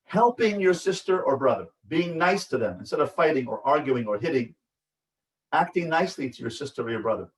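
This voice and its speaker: A man's voice: mid-range voice, sing-song, brisk. A man, a rabbi, giving a parenting lecture in an emphatic, repetitive way that keeps checking in with his listeners. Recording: echoey room, voice from a distance.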